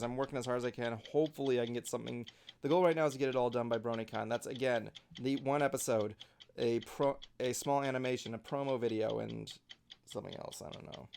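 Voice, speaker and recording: A man's voice: medium pitch, vocal fry, a little mellow, a little hiss or hum. A man hosting a casual nerdy talk stream, rambling with lots of fillers and jokes. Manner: rambling, filler-heavy, jokey. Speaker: talk show host.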